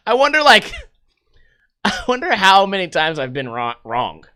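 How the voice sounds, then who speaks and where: A young man with a high, bright, clear voice hosts a casual livestream podcast. He rambles through crude stories and swears constantly, talking loosely and off the cuff. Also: wildly swooping pitch, normal speed, long pauses. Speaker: podcast host.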